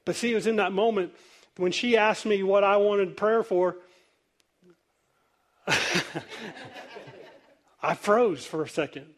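A man's voice: high-pitched, slow, long pauses. A man preaching a sermon as pastor, telling stories in a loose, conversational way with easy laughter. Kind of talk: sermon storytelling.

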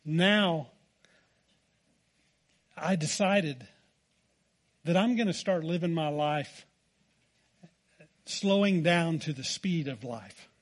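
A man's voice: a little high, takes it slowly, pauses often. A man with an American accent preaching a sermon, telling a folksy, self-deprecating story. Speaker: pastor.

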